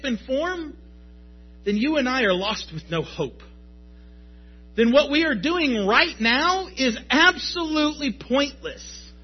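A man in his thirties preaches with emphatic force, now and then rising to a shout. His voice sits high and a little husky. The recording is dull and lo-fi. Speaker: pastor. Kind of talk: sermon.

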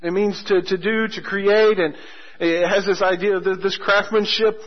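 A man with a slightly raised pitch delivers a pastor's sermon, mixing stories and jokes with stretched-out, emphatic phrases. The recording sounds muffled and lo-fi. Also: steady tone. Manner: storytelling with humor and emphatic slowing on key phrases.

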